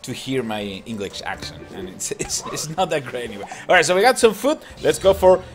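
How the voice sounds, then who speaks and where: A man hosting a gaming channel, chatting excitedly and laughing as he comments on a mobile cooking game. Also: mid-range voice, a little fast. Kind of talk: casual gameplay commentary. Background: game music.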